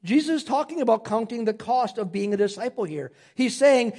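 A male pastor preaching an earnest sermon, slowing down and dropping low when reading scripture. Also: animated, darkish tone.

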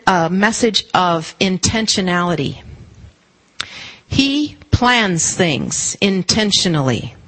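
A woman co-leading a disability ministry, speaking quickly and directly to a church audience. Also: mid-range voice, a bit bright, breathy edge, rough recording. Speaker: ministry co-leader. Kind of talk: church talk.

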